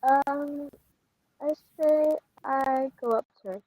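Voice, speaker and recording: A woman player in a tabletop role-playing game, answering in character with quiet, brief replies. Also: sits high, slow, poor audio.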